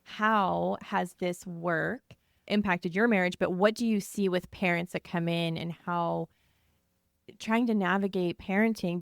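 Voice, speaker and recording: Woman podcast host, low gravelly voice, asks long rambly questions, dry close mic. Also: dry recording. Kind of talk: interview questions.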